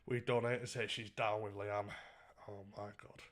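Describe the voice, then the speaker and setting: A man's voice: on the low side, little pitch movement, normal speed, fairly bright tone. A man chatting casually and jokingly with his live-stream chat, swearing freely.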